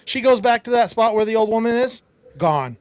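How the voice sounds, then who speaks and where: A man's voice: extremely high pitch, level tone, fast talker, clear, resonant tone, dry recording. A man hosting a podcast, telling a personal story in a casual, emphatic way, with preachy asides to his listeners. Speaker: podcast host.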